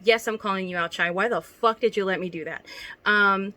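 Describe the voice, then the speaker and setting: Young woman, bright tone, giggly, profane, self-mocking, casual vlog chat. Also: mid-range voice, fairly quick. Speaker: YouTuber. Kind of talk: reading her old writing aloud with commentary.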